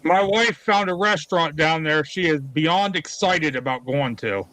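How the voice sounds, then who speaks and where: A man's voice: a little high, moderate pace, bright, forceful tone, low-quality recording. A man chatting as a guest on a livestream in a plain, matter-of-fact way, over a video call. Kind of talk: casual chat.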